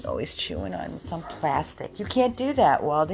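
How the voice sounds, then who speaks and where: A woman's voice: medium pitch, animated, a little slow, a little mellow, soft background music. A woman, a dog rescuer, filming one-handed on her phone at home at night, cooing to her dogs in sing-song baby talk and chatting casually to viewers. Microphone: handheld phone, filmed one-handed.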